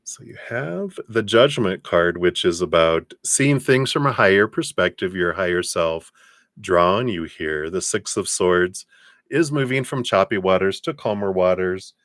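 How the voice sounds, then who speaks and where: Male tarot reader, very low voice, dry close sound, easygoing chatty delivery. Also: a little slow, dry recording. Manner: relaxed, chatty, many fillers. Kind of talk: live-stream tarot reading.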